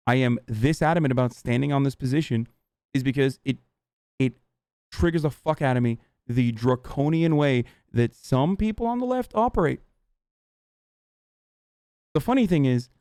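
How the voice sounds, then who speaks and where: A man streaming live, ranting heatedly at his chat with lots of swearing and halting restarts. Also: fairly high pitch, a little mellow, clear, resonant tone, no echo, clean studio sound. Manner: profane, agitated, halting restarts.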